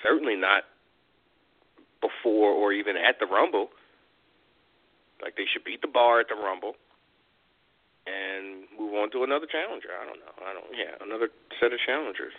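A man's voice: fairly low pitch, normal speed, pauses often. A man co-hosting a wrestling talk show, blunt and profane in casual banter. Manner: blunt, profane, animated reactions. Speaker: podcast co-host. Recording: phone-line audio.

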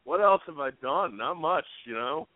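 A man's voice: on the high side, animated, normal speed, no echo. A man co-hosting a radio show, chatting casually with an easygoing, teasing manner. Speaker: radio co-host. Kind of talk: casual chat. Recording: dry tinny phone-like sound.

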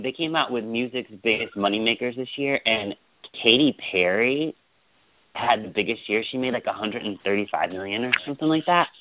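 A man's voice: on the low side, no room sound. A man hosting a podcast, chatting casually and gossiping in an exclamatory way. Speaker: podcast host. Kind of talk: casual chat. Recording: phone-like call audio.

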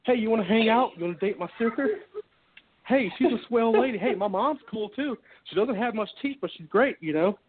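A man's voice: high-pitched, lively intonation, fairly quick, breathy edge, voice pushed up. A man voicing a fawning, wheedling white racist over a tinny phone line. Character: grinning middle-aged white male racist, fawning and wheedling.

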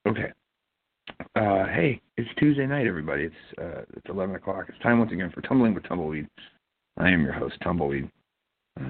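Guy rambling on his radio show, husky voice, dry tinny phone sound. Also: deep voice, no echo. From Ohio, USA. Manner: rambling, hesitant with many fillers. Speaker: host. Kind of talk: casual internet radio talk.

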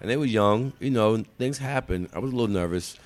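Podcast guest, lowish voice, playful and teasing, laughs a lot. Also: male voice, quick pace. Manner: animated, teasing, laughs easily. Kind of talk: casual podcast chat.

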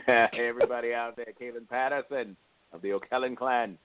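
A man's voice: medium pitch, steady tone, brisk, crowd noise. A man co-hosting an internet radio talk show, joking and bantering with his co-host. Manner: jokey, goofy greetings. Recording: dry phone-line audio.

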